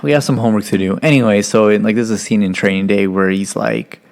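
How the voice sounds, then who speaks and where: Gravelly low-voiced man telling stories. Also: fast talker. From Stockton, California, USA. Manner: loose, profane, full of "like" and "you know"; acts out quotes in lively voices. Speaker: guest. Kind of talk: casual podcast storytelling.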